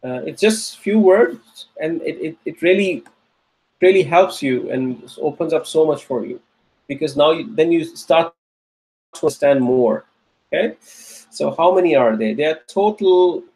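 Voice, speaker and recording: A man's voice: a little high, a little mellow. A man teaching an online grammar lecture, patiently repeating points and checking in with the class. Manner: patient, repetitive, checks in with "okay?". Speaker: Arabic teacher.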